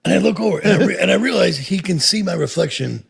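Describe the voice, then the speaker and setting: A man's voice: sits high, lively intonation, quick pace, creaky, breathy edge. A man telling an anecdote in an interview, acting out the quoted dialogue as he goes. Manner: acts out quoted dialogue in his stories. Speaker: interview guest. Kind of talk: anecdotal storytelling.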